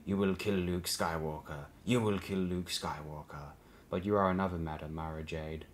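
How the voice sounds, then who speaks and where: A man reading an audiobook, voicing the calm, menacing voice of an old mad Jedi that speaks into a woman's mind. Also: sits low, moderate pace, a little hiss or hum, close to an everyday voice. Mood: hypnotic. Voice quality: placid, hypnotic, repeating.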